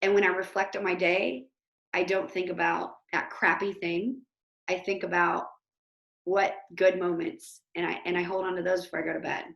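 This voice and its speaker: A woman teacher giving an informal motivational talk over a video call, chatty and animated, with lots of fillers. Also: on the low side, moderate pace, vocal fry, echoey room, lo-fi sound. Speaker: host of an online motivation talk.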